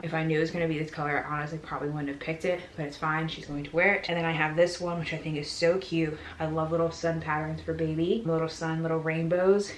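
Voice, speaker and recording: Chatty low-voiced woman, echoey room. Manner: chatty, upbeat, gushing. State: pregnant, a bit out of breath. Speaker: vlogger. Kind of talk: casual haul chat. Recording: echoey room with faint noise.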